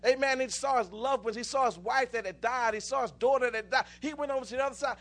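A man's voice: extremely high pitch, fast, fairly bright tone. A man preaching a sermon, telling stories with many restarts and rising into fervent exclamations.

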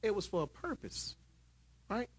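A man preaching a sermon in church, shouting at his peaks and dropping into calmer storytelling. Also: high voice, a little slow, husky.

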